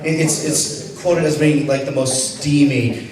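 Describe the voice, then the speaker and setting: A man on a convention panel speaking hesitantly with many pauses and fillers, in a teasing way. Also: on the high side, fairly even intonation. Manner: hesitant, lots of uhs, teasing. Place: large convention hall. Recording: echoey hall, distant mic, loud crowd.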